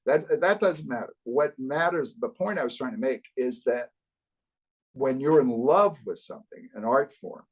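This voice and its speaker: An older man from the US East Coast, a guest in a casual interview, telling wry, animated stories. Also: medium pitch, moderate pace, breathy edge, low-quality recording. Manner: wry, animated anecdotes with acted quotes. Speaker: guest, author.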